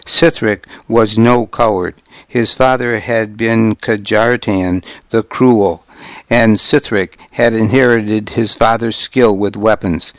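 A male audiobook narrator telling a historical tale in the first person. He reads slowly and deliberately, in a rather low voice. The recording is dry and close, with no room sound. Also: fairly even intonation, no echo. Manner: measured, deliberate storytelling.

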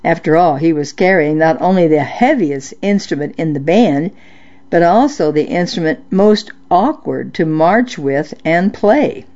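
A woman with a low voice reads old-time stories aloud in a measured, steady narration. The sound is dull and lo-fi, like an old radio recording. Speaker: story reader. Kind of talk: scripted storytelling narration.

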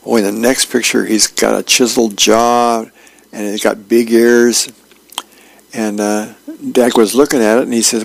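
A man reading advice columns and newspaper comic strips aloud, in a plain, unhurried way with a few fillers. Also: mid-range voice, fairly even intonation, creaky, dry recording.

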